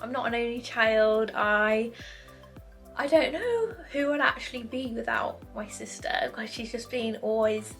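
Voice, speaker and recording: Over soft background music, a young woman YouTuber chats casually on her vlog, answering viewer questions with many fillers and giggles. Her fairly high voice has lively intonation and a fairly bright tone, and she speaks a little slowly.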